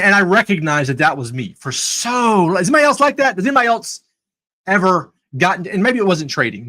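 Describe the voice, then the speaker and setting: A man's voice: on the high side, a bit bright, rough recording. An American man hosting a live talk, telling stories in a sarcastic, conversational way. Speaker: host. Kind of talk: live talk on faith and trading.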